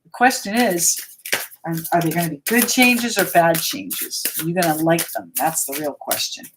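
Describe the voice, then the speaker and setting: An American woman with a lowish, expressive voice hosts a live tarot stream at a moderate pace over a noisy background. She chats with viewers, answering and reassuring them as she thinks aloud between cards.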